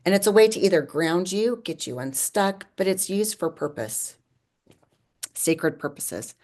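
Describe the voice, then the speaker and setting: Woman guest, low register, chatty and animated storyteller, leans on "like," laughs often. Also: a little slow. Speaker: podcast guest. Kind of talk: personal storytelling in conversation.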